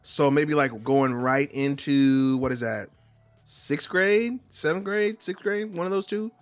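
A man's voice: a little high, measured pace, no room sound, soft background music. A man in his thirties, a joking podcast co-host. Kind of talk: casual podcast banter.

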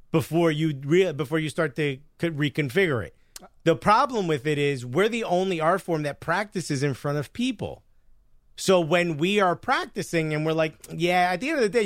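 A man co-hosting a live-streamed comedy podcast, talking in a casual, animated way and slipping in teasing jokes. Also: a little high, no echo, studio quality. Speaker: podcast co-host. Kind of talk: casual chat.

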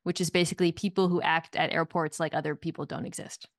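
A woman with a slightly low voice, chatting casually as a podcast guest. She tells her stories with a wry, understated edge. Her mic sound is close and dry, with no room around it. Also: flat delivery, fast talker, dry recording. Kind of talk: casual chat.

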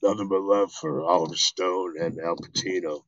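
A man, an actor guest in an interview, telling lively stories full of swearing and acted-out quotes. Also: deep voice, moderate pace, dry recording, lo-fi sound. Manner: animated, profane, acts out quotes. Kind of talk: storytelling interview.

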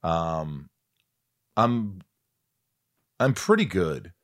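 A man hosting a podcast, talking in a casual, animated way with lots of swearing and self-deprecating stories. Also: low voice, very slow. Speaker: podcast host. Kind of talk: casual chat.

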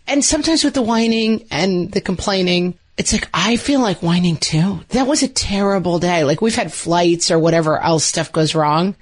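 A woman's voice: on the low side, normal speed, few pauses. A woman co-hosting a parenting podcast who talks in a chatty, rambling way, full of "like" and acted-out quotes. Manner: chatty, rambling, many fillers. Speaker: podcast co-host. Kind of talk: casual parenting podcast chat.

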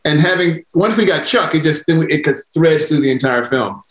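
A male director with a slightly higher voice, talking about his film in a relaxed, anecdotal way. His voice sounds roomy and echoey. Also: fairly quick. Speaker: documentary director guest. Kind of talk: interview. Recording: roomy echo.

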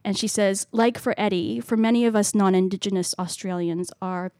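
A woman in her forties co-hosts a relaxed book chat in a mid-range voice. She hesitates often, fills gaps with ums, and slips into careful reading when quoting passages. The sound is close and dry. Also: medium pitch, moderate pace, dry recording. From Canada. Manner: hesitant, lots of ums, reads passages aloud. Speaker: podcast co-host. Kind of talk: casual book-club chat.

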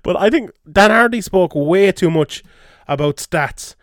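A man hosting a podcast in casual sports chat, reading listener questions and answering quickly. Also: sits high, animated, no echo, clean studio sound. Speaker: podcast host.

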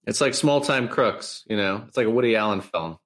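A male journalist speaks as a podcast guest with a low voice. He talks in long, discursive stretches full of restarts and fillers. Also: expressive, brisk, fairly bright tone. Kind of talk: casual interview talk.

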